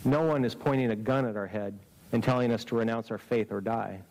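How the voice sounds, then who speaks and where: A man delivers a camp-meeting sermon at a moderate, ordinary pitch for a man. His tone is earnest and exhorting. He keeps turning to the congregation with rhetorical questions. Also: fairly quick, gravelly, darkish tone, low-quality recording. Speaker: preacher.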